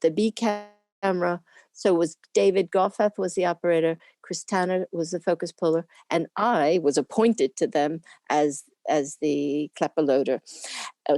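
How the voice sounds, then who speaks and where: An older woman chatting through her recollections in an interview, laughing as she goes. Her voice sits low and mellow. The sound is dry, with no room around it. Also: dry recording. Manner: chatty, rambling, laughs often. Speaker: interview guest, camera assistant.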